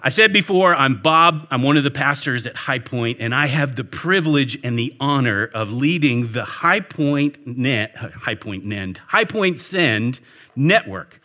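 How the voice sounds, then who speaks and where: A man, a pastor, telling a lively story to a church audience and talking back and forth with them. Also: medium pitch, a little slow. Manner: animated storyteller, talks with the audience. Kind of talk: storytelling sermon. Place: warm indoor church hall with an audience.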